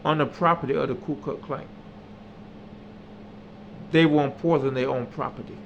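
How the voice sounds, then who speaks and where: Man telling a story, slightly higher voice. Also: normal speed. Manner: animated, acts out dialogue, builds to loud emphatic peaks. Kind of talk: personal storytelling monologue. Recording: slightly dull audio with faint background hum.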